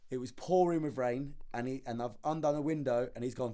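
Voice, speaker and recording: A man, a podcast guest telling his story in casual conversation, animated and slangy, often repeating words as he acts out the dialogue. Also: mid-range voice, a little fast.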